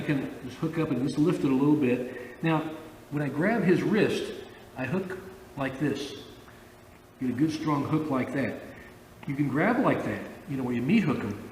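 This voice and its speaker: A man's voice: a little high, a little hiss or hum. A man teaching a judo armlock on the mat, explaining each step and checking in with "okay?" as he demonstrates. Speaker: judo instructor. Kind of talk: instructional demonstration. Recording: echoey hall, far from the mic.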